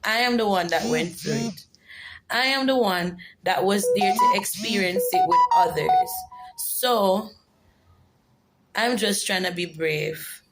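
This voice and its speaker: Gravelly woman, earnest vlog testimony. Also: mid-range voice, takes it slowly, over music, poor audio. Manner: earnest, emotional, insistent. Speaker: vlogger. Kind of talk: personal testimony to camera.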